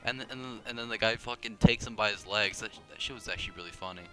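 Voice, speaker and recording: A man's voice: on the low side, fairly bright tone, faint music behind. Rambling young man playing pinball. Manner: rambling, self-deprecating, quick restarts and tangents. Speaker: gaming video creator. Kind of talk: casual gameplay commentary.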